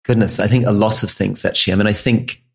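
A man's voice: lowish voice, fairly even intonation, fast, creaky, a little mellow, husky. A middle-aged man co-hosting a podcast, talking in a wry, self-deprecating way with frequent restarts. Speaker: podcast co-host. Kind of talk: casual podcast chat.

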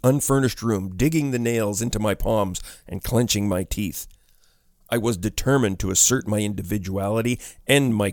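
A man narrating a ghost story in a measured storytelling delivery. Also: lowish voice, darkish tone, dry recording, clean studio sound.

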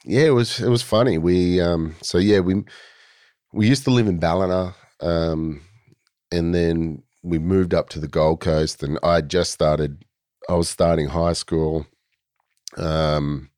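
A man's voice: low voice, fairly even intonation, unhurried, darkish tone, dry recording, clean studio sound. An Australian man in his forties, a guest telling stories in a laid-back, rambling way with plenty of fillers. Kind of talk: casual storytelling.

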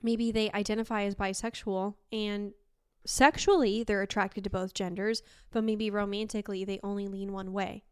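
Giggly young woman from Argentina, smooth voice. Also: mid-range voice, fairly even intonation, moderate pace, hardly any pauses, a little mellow, dry recording, clean studio sound. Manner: giggly, storytelling, swears casually. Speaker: podcast co-host. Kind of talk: casual chat.

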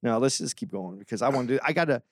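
A man's voice: medium pitch, animated, rapid-fire, no room sound. Laid-back man, hesitant podcast chat. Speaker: podcast co-host. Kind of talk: casual chat.

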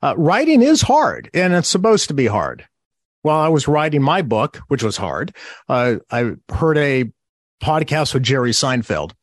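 A man's voice: fairly high pitch, big pitch swings, normal speed, no echo. A man who is an author, giving a podcast interview and explaining his points with emphasis, acting out the phrases he quotes.

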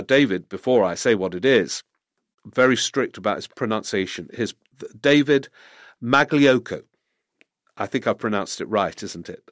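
A middle-aged man with a fairly low voice, recorded dry and close. He hosts a political podcast and answers listener questions in loose, unscripted commentary. He thinks out loud, stumbling and restarting sentences as he goes. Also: dry recording. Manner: thinking aloud, with restarts and stammers.

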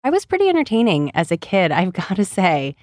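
A woman's voice: fairly low pitch, wildly swooping pitch, a little fast, a little mellow, no echo, clean studio sound. A woman in her thirties from Ohio, chatting as a podcast guest in a bubbly way, full of "like" fillers. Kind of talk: casual chat.

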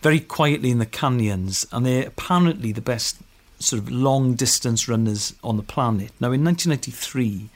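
A podcast co-host with a mid-range voice talks at a normal speed with few pauses. In casual chat he tells stories enthusiastically and laughs often.

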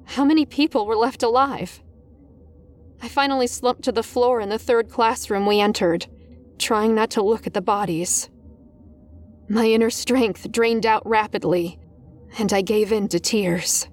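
A woman's voice: on the high side, steady tone, a little slow. A woman narrating a first-person horror story in a tense, dramatic manner. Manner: tense, dramatic, rising in panic.

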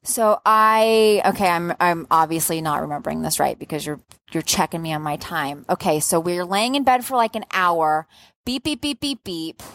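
A young adult woman telling her birth story in a casual, lively way, acting out what she said back then. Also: fairly low pitch, moderate pace, dry recording. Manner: lively storyteller who acts out her own past outbursts.

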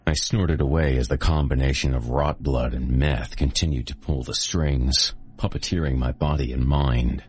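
A man hosting and narrating a horror audiobook in a steady first-person storytelling manner. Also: rumbling low, moderate pace, few pauses. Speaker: host and narrator.

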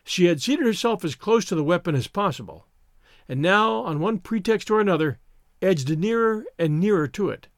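A man narrates a story in an expressive, measured way. His voice is high and moves a lot in pitch. The recording is dry and close to the mic. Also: dry recording. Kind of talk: audiobook narration.

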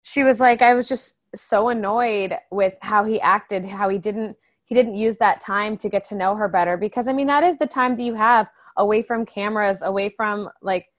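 A young woman co-hosting a podcast in casual chat, talking loosely with lots of fillers. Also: mid-range voice. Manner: chatty, many fillers. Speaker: podcast co-host.

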